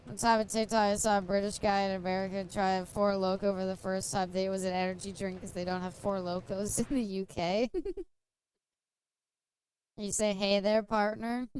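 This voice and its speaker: A woman's voice: medium pitch, level tone, moderate pace, a little mellow, slight background noise, rough recording. A woman streaming a game, chatting casually, laughing often and bantering with chat. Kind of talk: casual livestream chat while gaming.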